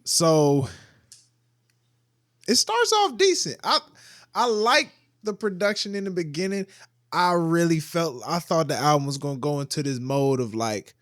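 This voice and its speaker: A man's voice: a little high, moderate pace, fairly bright tone, no room sound, studio quality. A man hosting a podcast, reviewing music in loose, slangy casual chat and restarting his sentences often. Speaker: podcast host.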